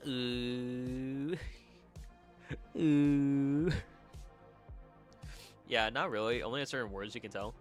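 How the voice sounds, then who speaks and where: A man's voice: lowish voice, very fast, hardly any pauses, sharp tone, soft background music. A young man streaming, chatting casually with his chat, rambling and laughing with many restarts, his nose a little stuffy. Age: young adult. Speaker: vtuber streamer.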